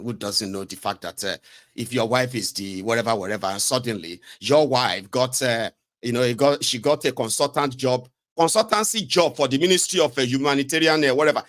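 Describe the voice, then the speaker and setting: A Nigerian man giving casual, sarcastic political commentary in a rambling, animated way. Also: mid-range voice, brisk.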